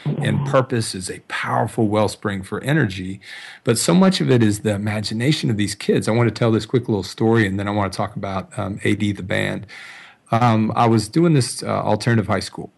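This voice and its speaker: A man hosting an interview, telling a story in a lively conversational way and acting out the dialogue. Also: fairly low pitch, fairly quick, gravelly, husky. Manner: animated storyteller, acts out quoted dialogue. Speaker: host.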